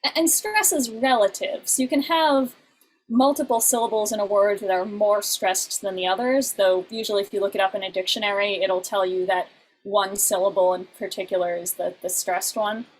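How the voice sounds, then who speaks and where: A woman's voice: medium pitch, steady tone, normal speed, low-quality recording. A woman teaching a lesson on song lyrics over an online class, explaining patiently with many fillers and restarts.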